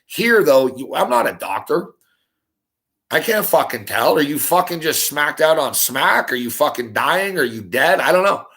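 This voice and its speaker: A man's voice: a little high, very animated, bright, forceful tone. Heated, swearing man ranting. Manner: heated, swearing constantly, rapid rhetorical questions. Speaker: sports talk show host. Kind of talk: profane ranting monologue.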